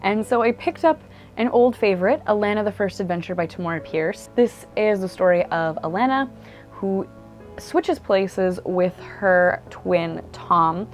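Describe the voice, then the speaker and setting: Faint music plays behind a woman with a mid-range voice and a measured pace as she enthusiastically reviews books she's read. Recorded indoors at home on a camera mic, her monologue is chatty and sprinkled with "like" and "um."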